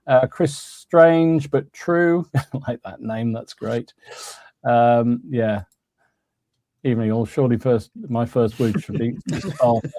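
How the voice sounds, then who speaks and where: On his live hobby podcast, a male host keeps things casual, calling out viewers by name and laughing often. He speaks slowly in a mellow, mid-range voice. There's no echo in this live-stream chat.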